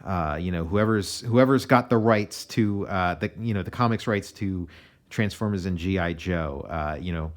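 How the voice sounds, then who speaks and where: American comic artist guy chatting casually about his pages, lowish voice, kinda meandering. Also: moderate pace. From United States. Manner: relaxed and meandering, often restarting sentences.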